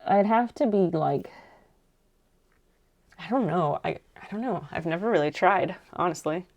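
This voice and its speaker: Young woman rambling softly on a craft stream, kinda low and gravelly. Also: animated, a little slow, highs cut off. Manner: rambling, soft-spoken, thinking aloud. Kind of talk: casual chat while crafting.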